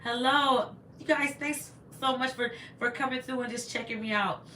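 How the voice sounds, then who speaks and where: A woman's voice: a little high, steady tone, moderate pace, pushed and bright, reverberant, a little hiss or hum. A woman, a teacher, chatting casually on a livestream, greeting viewers and rambling with stumbling restarts into a laptop microphone.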